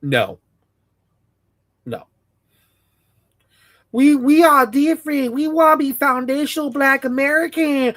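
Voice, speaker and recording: High-voiced man ranting angrily. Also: expressive, slow, pauses often, a bit bright, no room sound. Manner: profane, ranting, scornful. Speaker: commentator reacting to a clip. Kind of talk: angry reaction commentary.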